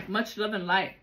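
Over a noisy background, a tarot reader with a slightly high voice does a casual reading for viewers. She's emphatic and blunt, swears a lot, and keeps calling the listener baby.

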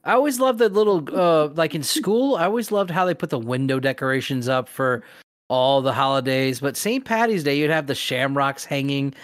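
A man's voice: mid-range voice, lively intonation, moderate pace, dry recording, studio quality. A man hosting a casual podcast, rambling easily and laughing often. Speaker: podcast host. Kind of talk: casual chat.

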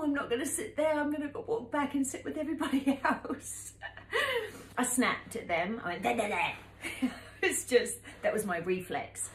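A woman in her fifties telling a travel story to camera in a casual, animated way, laughing and acting out the people she met. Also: deep voice. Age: 50s. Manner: animated, laughing, acts out voices in her stories. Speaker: travel vlogger. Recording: echoey room with faint ambient noise.

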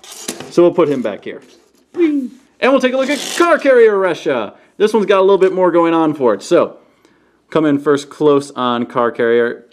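A man casually reviewing toys on camera, playful, often breaking into goofy high-pitched exclamations. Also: very animated, normal speed. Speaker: toy reviewer. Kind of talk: casual hands-on product review. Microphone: camera he sets up himself.

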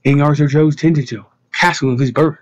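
A man narrating an audiobook in a steady reading voice, giving the characters their own voices. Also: on the high side, brisk, no echo. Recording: dull lo-fi dry sound.

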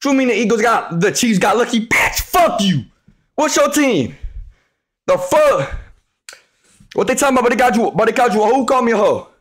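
A young man live streaming, loudly talking to his chat with profane, hyped trash talk and frequent shouting. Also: extremely high pitch, very animated, normal speed, pauses often.

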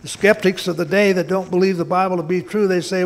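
High-voiced gravelly preacher in a reverberant hall. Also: male voice, fairly even intonation, fast talker, hardly any pauses. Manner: folksy, repeats words, says "man" often. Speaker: pastor. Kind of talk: sermon. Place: church sanctuary.

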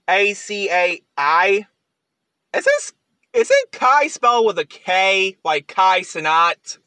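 A man giving a casual product review, rambling and halting with frequent fillers. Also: high voice, bright, forceful tone, clear, resonant tone, dry recording.

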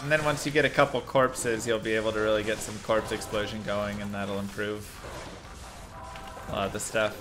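A man's voice: medium pitch, bright, forceful tone. A man casually commenting on his gameplay during a live stream, chatty and rambling with frequent laughs. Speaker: game streamer.

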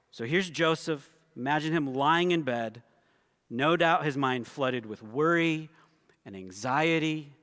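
In a church sanctuary, a male pastor with a fairly high voice preaches an earnest sermon. To stress certain words, he slows down and drops to a hushed, low tone. The long reverb of the church hall fills the sound.

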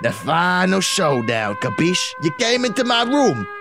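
Man putting on a gravelly Italian mob boss, slow and menacing, lively pitch, game music behind. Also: exaggerated voice. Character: menacing Italian mob boss, adult male, calm and threatening.

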